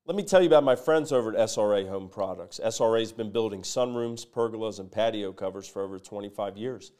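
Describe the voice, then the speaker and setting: A man hosting a local high school football talk show, reading sponsor spots and previewing games in a lively, conversational way. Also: quick pace. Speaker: sports show host. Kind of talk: sports talk and sponsor reads.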